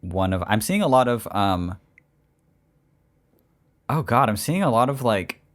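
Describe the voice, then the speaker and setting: A young man co-hosting a podcast in casual chat, swearing freely and getting animated when he jokes. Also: fairly low pitch, unhurried. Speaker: podcast co-host.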